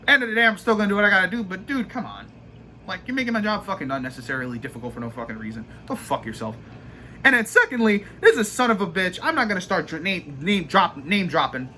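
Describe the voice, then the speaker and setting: Rapid, profane bursts pour out of this young Brooklyn man as he vents about being a vlogger, his New York accent clear. The voice is high, pushed, and bright, and there's a little hiss or hum on the recording.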